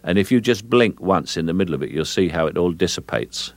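Older english guy, very deep voice, slow and measured, dry close mic. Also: lively intonation, no echo. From England. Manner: measured, slow, repeats words while thinking. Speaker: actor, interview guest. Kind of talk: radio interview.

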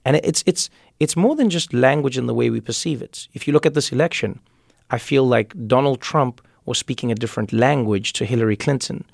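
A man speaks in a gravelly voice, recorded dry and close with no room sound. He is a comedian and author giving a thoughtful interview, and he often repeats words as he works through an idea. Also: mid-range voice, a little fast, no echo. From South Africa. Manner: reflective, repeats words while thinking. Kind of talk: conversational interview.

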